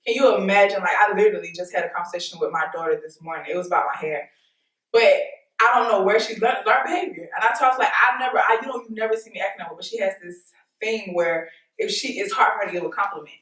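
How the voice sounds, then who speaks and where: A woman hosting a casual group discussion, telling animated stories about her children and quoting their words. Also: medium pitch, fast talker. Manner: animated storytelling, quoting family conversations. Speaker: host. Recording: echoey room, mic at a distance.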